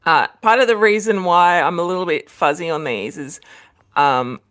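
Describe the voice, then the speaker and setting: A woman's voice: lowish voice, moderate pace, fairly bright tone. An Australian woman chatting casually on a video call from her home near the kitchen, rambling with lots of fillers and laughs. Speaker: guest. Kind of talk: casual chat.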